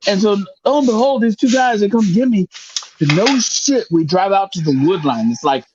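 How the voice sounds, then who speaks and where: A man telling a hunting story in casual podcast chat, profane and animated, acting out the other people's voices. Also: high-pitched, moderate pace, dull audio, background noise. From grew up in the projects. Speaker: podcast host.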